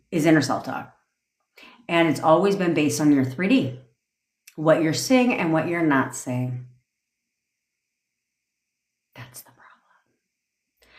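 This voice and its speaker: A woman's voice: low voice, echoey room. A woman manifestation coach giving a blunt, profane livestream rant in a conversational way, acting out tones of voice in her examples.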